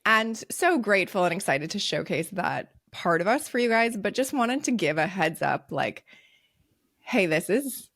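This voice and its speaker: A woman's voice: medium pitch, big pitch swings, normal speed, a bit bright, no room sound, clean studio sound. A young American woman co-hosting a podcast, chatty and bubbly, with lots of fillers. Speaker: podcast co-host. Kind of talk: casual chat.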